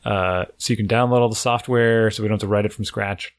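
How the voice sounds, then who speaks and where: A man's voice: on the low side, fairly even intonation, fast. A man co-hosting a casual podcast, chatting and musing as he talks things through with fillers. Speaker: podcast co-host. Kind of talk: casual chat.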